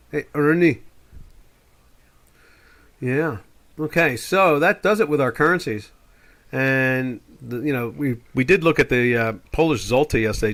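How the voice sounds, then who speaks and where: An older man hosts a live trading chat, talking through market charts in a rambling, opinionated way and putting on voices when he quotes people. His voice is mid-range and a bit bright.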